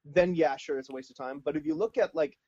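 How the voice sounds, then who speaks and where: A man co-hosting a podcast, talking in an animated, casual way with lots of "like". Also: fairly high pitch, fast talker, dull audio, a crowd in the background. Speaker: podcast co-host.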